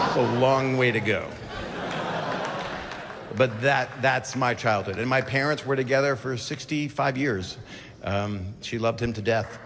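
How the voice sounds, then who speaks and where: This is a middle-aged man doing stand-up, his crude material constantly veering off into asides as he cuts himself off. The voice sits mid-range at a moderate pace, with a noisy background. The echoing hall carries crowd sound.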